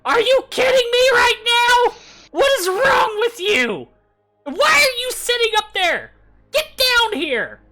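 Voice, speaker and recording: A woman's voice: wildly swooping pitch, slow pace, background noise, exaggerated voice. A woman voicing an indignant male goblin who shrieks complaints. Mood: outraged whining. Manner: shrill, indignant shouting. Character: lazy whiny male goblin.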